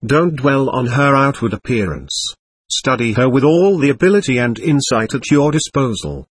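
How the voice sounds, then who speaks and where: A man voicing a calm, resolute spiritual instructor giving lessons in an audiobook. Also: mid-range voice, slightly rough, no room sound. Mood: instructive. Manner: measured, resolute.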